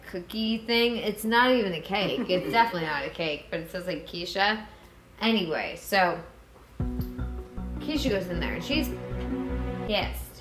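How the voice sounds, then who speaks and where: A tipsy woman retelling a story in an animated, rambling comedic way. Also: medium pitch. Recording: echoey room with music.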